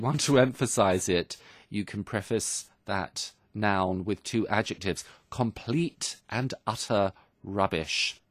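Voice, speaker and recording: Guy w a lowish voice patiently explaining english phrases like a teacher, dry close sound. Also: no echo. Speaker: English lesson presenter. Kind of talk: radio language lesson explanation.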